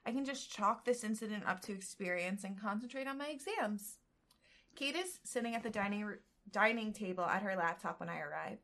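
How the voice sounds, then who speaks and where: A woman's voice: medium pitch, brisk, a bit bright. A woman co-hosting a casual podcast, reading a novel aloud and breaking off into joking asides.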